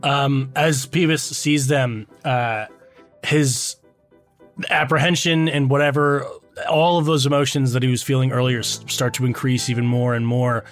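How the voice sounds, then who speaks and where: A man narrating his character's actions in a tabletop game, casual and halting. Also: medium pitch, steady tone, faint music behind. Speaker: player.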